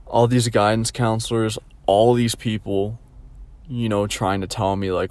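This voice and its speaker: A man ranting casually, with profanity and many fillers like "like" and "you know", and mocking others in a higher voice. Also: a little slow, a little mellow, no room sound. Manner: mocking high-pitched imitations of others.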